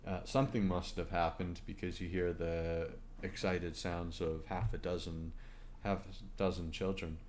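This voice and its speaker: A man narrating as game master of a tabletop game, halting with many fillers. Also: low voice, flat delivery, a little mellow, a little hiss or hum.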